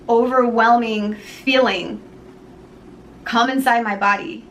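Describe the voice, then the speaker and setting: A woman's voice: fairly high pitch, fairly bright tone, a little hiss or hum, poor audio. Earnest woman telling a personal story. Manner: earnest, halting, with many pauses. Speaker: jewelry maker sharing a personal story. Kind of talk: personal testimony to camera.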